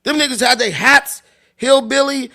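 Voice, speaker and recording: A man from Long Beach, California, hosts a livestream, telling loose, profane stories and laughing through them. His voice is very high-pitched, pushed and bright, at a normal speed.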